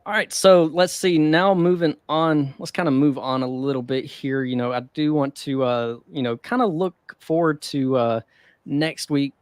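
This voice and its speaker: Co-hosting a casual podcast about the stock market, a man rambles loosely with plenty of fillers and frequent chuckles. His fairly high voice has a clean tone and fairly even intonation at a moderate pace, recorded studio-quality with no room sound.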